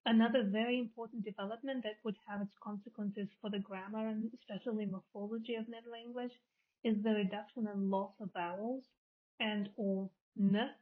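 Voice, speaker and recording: Female lecturer, patient explainer who restates each term; narrow phone-like recording. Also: mid-range voice. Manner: explanatory, repeats and rephrases terms. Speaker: linguistics lecturer. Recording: tinny phone-like audio.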